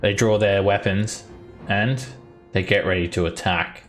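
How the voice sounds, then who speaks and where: A man running a tabletop game as dungeon master, narrating scenes with fillers and pauses. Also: lowish voice, fairly even intonation, fairly bright tone, faint music behind.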